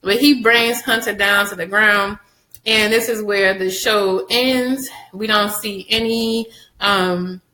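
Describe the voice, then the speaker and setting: Chatty woman doing a tv recap, bright slightly high voice, kinda echoey room. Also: slow. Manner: animated, chatty, laughs often, addresses viewers as y'all. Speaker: TV show reviewer. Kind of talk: casual episode recap to viewers.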